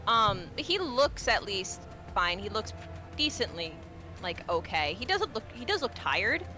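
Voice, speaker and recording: A woman's voice: mid-range voice, sing-song, measured pace, music in the background. A woman player on a voice call describing her character in a hesitant, rambling way with many ums.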